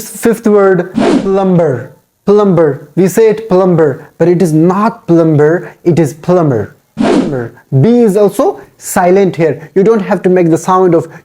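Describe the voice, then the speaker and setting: Man, pronunciation lesson, repeats words, warm dark tone. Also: high voice. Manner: repetitive, drills each word aloud. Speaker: English pronunciation teacher. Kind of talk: instructional talk.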